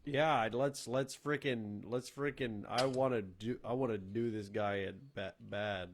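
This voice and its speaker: A man playing a tabletop game, talking in a halting, casual way. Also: fairly low pitch, steady tone, slight background noise. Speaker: player.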